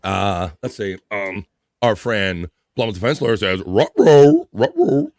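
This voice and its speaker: A man's voice: low-pitched, a little slow, a bit bright, no echo. A man hosting a casual live stream, reading viewer comments aloud and laughing often. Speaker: livestream host.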